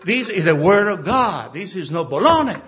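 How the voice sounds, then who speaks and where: Male pastor, emphatic sermon delivery, fairly high voice, dull lo-fi recording. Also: normal speed, a crowd in the background. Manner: animated, emphatic, acts out dialogues.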